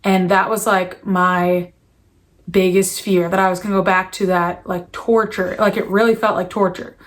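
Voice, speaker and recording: A woman's voice: lowish voice, little pitch movement, moderate pace. A young adult woman talking candidly to camera about new motherhood, earnest and open, with frequent fillers and restarts. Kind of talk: personal confessional vlog.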